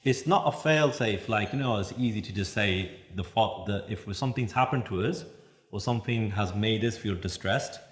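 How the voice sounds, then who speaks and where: A man telling a scripture story as a sermon, chanting verses in a drawn-out voice. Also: on the low side. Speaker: Sikh preacher. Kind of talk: katha sermon. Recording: echoey room.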